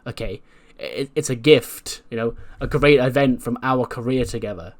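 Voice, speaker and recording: A man's voice: medium pitch, moderate pace, natural voice. A man voicing a combative, boastful female wrestler who rambles and restarts her words. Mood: scolding.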